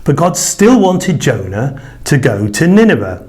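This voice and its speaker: Slow, lively man reading a children's story. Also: a little high. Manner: expressive, playful, drawn-out.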